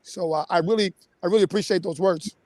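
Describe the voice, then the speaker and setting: A man hosts a live-streamed interview over a video call. His voice sits high and the sound is close and dry. He speaks with eager, appreciative energy. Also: fast talker, a little mellow, no echo. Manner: enthusiastic, appreciative. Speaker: host.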